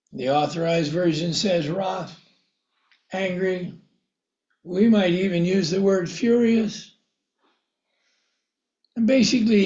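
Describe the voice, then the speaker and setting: A man preaching a sermon, reading scripture aloud and acting out biblical characters in a slow, deliberate way. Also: high voice, a little mellow. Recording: echoey room, dull lo-fi sound.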